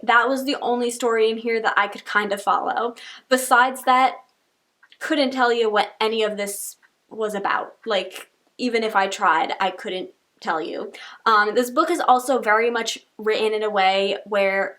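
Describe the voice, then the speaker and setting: This woman's voice sits on the high side and sounds a bit bright. She's a young book reviewer rambling through a casual monthly reading wrap-up, dropping "like" constantly.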